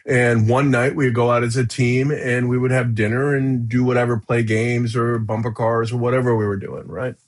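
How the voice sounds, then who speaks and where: A middle-aged man appears as a podcast guest, telling a story in a lively, casual way in a mid-range voice at moderate pace with hardly any pauses. He acts out the shouts and fills in with "you know" and "right?".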